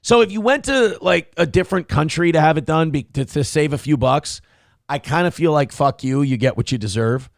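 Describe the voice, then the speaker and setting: Crude, gravelly male host. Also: a little high, a little fast, dry recording, clean studio sound. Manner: crude, joking, rambling. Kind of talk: livestream commentary, reading chat.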